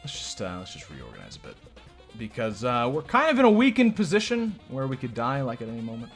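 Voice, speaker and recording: A man's voice: medium pitch, huge pitch swings, a little fast, soft background music. A man streaming live gameplay, commenting casually in a joking, profane, self-mocking way. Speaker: game streamer.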